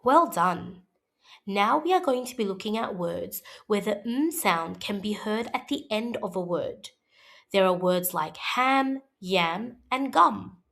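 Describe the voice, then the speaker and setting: A woman teaching a scripted phonics lesson for young children, modelling sounds slowly and clearly for them to repeat. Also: mid-range voice, expressive, fairly bright tone.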